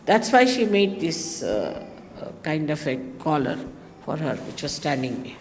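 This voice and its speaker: A woman's voice: low voice, very animated, a little slow, a little mellow. A woman tells wandering stories to listeners, breaking off for exclamations and asides. Her voice carries a long reverb, as if recorded in a big hall. A faint noise sits under it. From India. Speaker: speaker giving a talk. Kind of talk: anecdotal storytelling talk.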